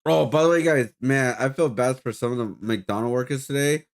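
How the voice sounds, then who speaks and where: A man's voice: mid-range voice, a little fast. A man streaming, telling a rambling story in casual chat with lots of fillers and swearing.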